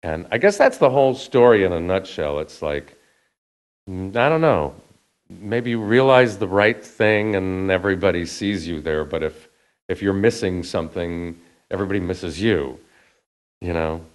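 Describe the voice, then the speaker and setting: Male actor guest, very low voice, chatty storyteller, laughs easily. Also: expressive, moderate pace. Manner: chatty, acts out the voices of people he quotes; laughs often as he talks. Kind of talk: casual anecdotal storytelling.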